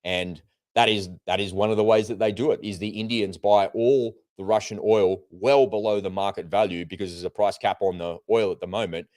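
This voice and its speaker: A man's voice: fairly low pitch, fairly even intonation, fairly quick, darkish tone, no echo. A man co-hosting a live political and market talk show, laying out his points step by step with conversational asides. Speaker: co-host. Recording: remote broadcast with slight delay.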